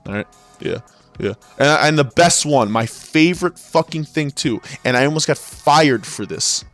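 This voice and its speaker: A man's voice: on the high side, lively intonation, normal speed, fairly bright tone, faint music behind. Exasperated man ranting with swear words. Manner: exasperated, swearing, rambling with restarts. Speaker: former sales associate. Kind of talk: profane ranting monologue.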